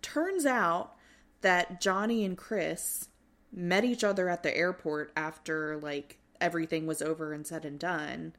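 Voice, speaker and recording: A woman co-hosting a podcast, casually recapping a reality show, animated and swearing freely as she acts out what people said. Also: fairly low pitch, a little slow. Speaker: podcast co-host.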